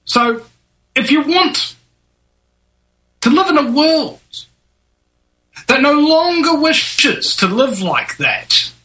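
Lively, bright-voiced host from New Zealand. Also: male voice, slow pace, pauses often, poor audio. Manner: animated, jokey, swings between high and low voices. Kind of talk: casual conspiracy talk show.

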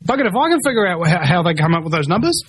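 A man's voice: high voice, sing-song, racing, husky, dry recording. A man in an agitated, rambling rant, often repeating himself and restarting. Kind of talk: ranting monologue.

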